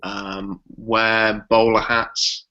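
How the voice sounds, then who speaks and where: A man from England chats as a podcast co-host, jokey and full of ums. His voice is fairly low yet bright and sharp, and it comes over a dull, lo-fi line. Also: level tone, extremely slow. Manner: chatty and jokey, with many ums. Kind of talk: casual podcast chat.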